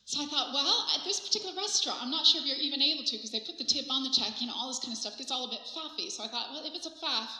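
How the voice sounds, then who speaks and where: Bright, animated woman preaching. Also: high-pitched, racing, hardly any pauses. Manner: animated storytelling, laughs often. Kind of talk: sermon testimony. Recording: roomy echo.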